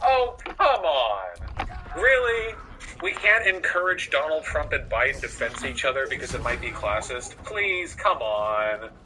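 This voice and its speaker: A man's voice: medium pitch, very animated, a little slow, background noise. A man giving casual reaction commentary on a video, sarcastic and profane, rambling with lots of fillers. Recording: music playing underneath.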